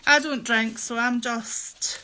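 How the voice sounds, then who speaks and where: A woman's voice: fairly high pitch, fairly even intonation, slow, background noise. A woman hosting a casual crafting livestream from her craft room, chatty and gushing, often giggling.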